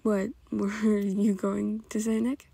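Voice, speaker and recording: A woman's voice: mid-range voice, little pitch movement, creaky, dark tone, breathy edge, dry recording, exaggerated voice. A woman voicing a moody teenage girl who takes offense easily. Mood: prickly. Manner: touchy, quick to take offense.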